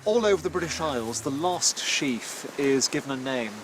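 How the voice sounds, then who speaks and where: A man's voice: mid-range voice, expressive, moderate pace, background noise. Enthusiastic male historian explaining outdoors. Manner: enthusiastic, lecturing, slightly theatrical. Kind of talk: explaining to the farmers. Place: outdoors in a wheat field.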